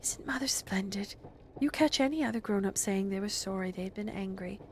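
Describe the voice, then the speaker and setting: A woman voicing an earnest, warm-hearted eldest girl in a storybook, bright and eager. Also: medium pitch, brisk, slight background noise, lightly acted. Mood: admiring.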